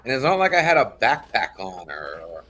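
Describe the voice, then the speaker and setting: A man's voice: mid-range voice, huge pitch swings, a little fast, bright, forceful tone. A man telling a heated story in casual chat on a live online show, swearing often.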